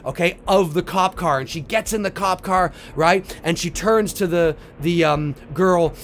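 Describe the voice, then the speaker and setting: A man hosting a video, excitedly and profanely retelling a film idea scene by scene and acting out the moments. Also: sits high, unhurried, a little hiss or hum. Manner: excitable, profane, acts out scenes and sound effects. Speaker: video host pitching a film sequel idea. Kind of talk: animated casual retelling.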